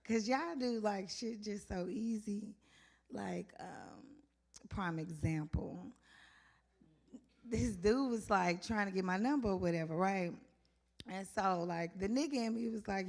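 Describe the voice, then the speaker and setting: A woman's voice: mid-range voice, measured pace. A woman doing casual stand-up at an open mic, chatty and rambling, often losing her thread and laughing at herself. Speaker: stand-up comedian. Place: open mic venue stage.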